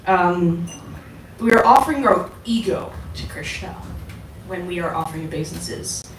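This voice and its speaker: A woman's voice: lowish voice, moderate pace, a little hiss or hum. A woman giving a casual devotional talk to a group, asking her listeners questions as she goes. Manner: conversational, asks the audience questions. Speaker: devotional class speaker. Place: temple hall. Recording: echoey hall, voice from far off.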